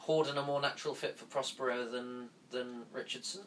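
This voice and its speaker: A man's voice: medium pitch, fairly even intonation, brisk, a bit bright, a little hiss or hum. A man hosting an interview, asking short, curious questions. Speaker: interviewer, host. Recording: heard from farther off the mic.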